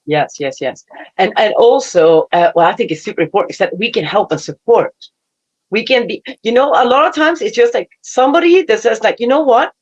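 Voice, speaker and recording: A woman from the Caribbean hosting a podcast, telling stories in a casual, emotional and expressive way. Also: medium pitch, fairly quick. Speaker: podcast host. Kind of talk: casual conversation. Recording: slightly dull lo-fi audio.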